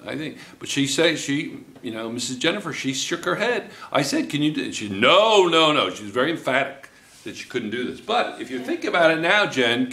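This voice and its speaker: A man's voice: on the high side, pushed and bright. A man teaching a chemistry review class, coaxing students with question after question. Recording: echoey classroom.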